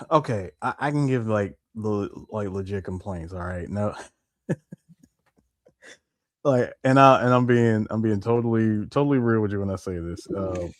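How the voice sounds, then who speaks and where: A man co-hosting a casual gaming podcast, talking with emphatic, animated energy, often laughing and restarting mid-sentence. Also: on the low side, a little slow, no echo, studio quality. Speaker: podcast co-host. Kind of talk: casual chat.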